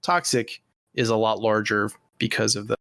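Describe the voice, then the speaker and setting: A man's voice: fairly low pitch, steady tone, normal speed, a bit bright, dry recording. A man co-hosting a podcast, teasing his friends and reasoning things through in casual chat. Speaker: podcast co-host.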